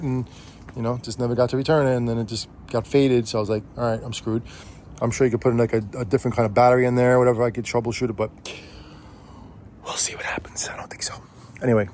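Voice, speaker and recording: A middle-aged man rambles through a casual walk-through of his garage arcade. He interrupts himself often and keeps the tone relaxed. A handheld camera catches his voice indoors, with a faint ambient hum behind it. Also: mid-range voice. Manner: rambling, chatty, self-interrupting. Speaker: vlogger.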